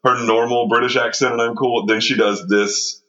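A man's voice: mid-range voice, flat delivery, moderate pace, sharp tone. A man co-hosting a casual film podcast, enthusiastic and laughing often. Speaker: podcast co-host. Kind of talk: casual film discussion chat. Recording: dull lo-fi sound.

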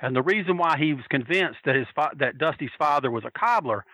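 A man casually telling a long anecdote, animated and acting out the people he quotes. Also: a little high, fast talker, no room sound, poor audio. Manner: animated, acts out quoted voices.

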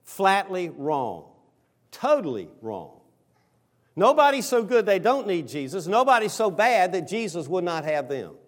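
A middle-aged man, a pastor, preaching a sermon with animated delivery, swinging from loud exclamations to soft, earnest appeals. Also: high-pitched, normal speed.

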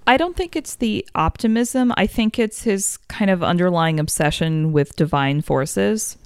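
Enthusiastic woman with a smooth, dry voice. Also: lowish voice, dry recording. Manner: enthusiastic, animated, quick to laugh. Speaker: podcast co-host. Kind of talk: casual chat.

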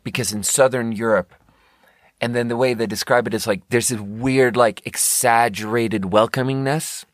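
A man's voice: mid-range voice, fairly even intonation, normal speed, no echo, studio quality. A man, hosting a podcast in a rambling, profane casual monologue. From Sweden. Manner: rambling, profane, self-correcting. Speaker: podcast host.

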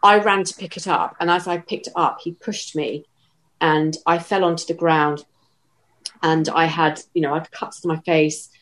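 In this interview clip, a low-voiced woman shares her own experience. She speaks in a measured, steady way, pausing and starting over as she haltingly pieces the story together.

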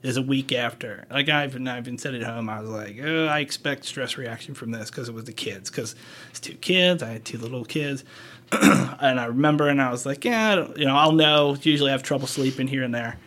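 A man's voice: mid-range voice, brisk, fairly bright tone. A man, a medic guest on a podcast, telling a blunt, profane story in casual conversation.

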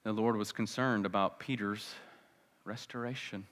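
A male pastor giving a sermon in a church, swinging from biting sarcasm to hushed, earnest appeals. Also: on the low side, fairly even intonation, moderate pace. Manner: sarcastic, then dramatic with wide swings between loud and hushed.

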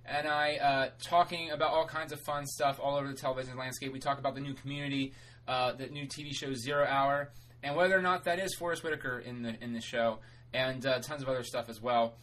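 A man's voice: mid-range voice, level tone, fast, a bit bright, low-quality recording. A man hosting a podcast, giving a loose and chatty intro and a sponsor read, rambling along with casual swearing and self-corrections. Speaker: podcast host.

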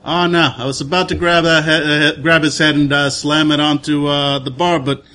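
A man voicing a weary, gruff male bartender who talks in a low, laid-back drawl. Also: little pitch movement, normal speed, bright, forceful tone, a little hiss or hum. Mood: wry.

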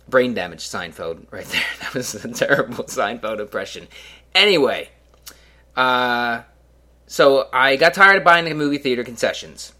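A man's voice: medium pitch, animated, moderate pace, bright, forceful tone. Rambling, self-mocking male podcast host. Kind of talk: casual solo podcast monologue.

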